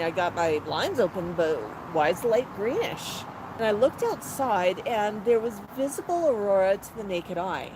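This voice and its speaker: A woman host telling a rambling story casually on a phone live stream from an outdoor patio, with plenty of fillers. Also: mid-range voice. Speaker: pet parrot channel host. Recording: noisy outdoor phone recording.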